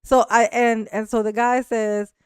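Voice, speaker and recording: A woman's voice: fairly high pitch, little pitch movement, a little slow, clean tone, no room sound, clean studio sound. A woman hosting a livestream, telling a long story to her chat in a rambling, laughing way. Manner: rambling, laughing often, frequent restarts and "like". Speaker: livestream host. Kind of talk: casual storytelling to a live chat.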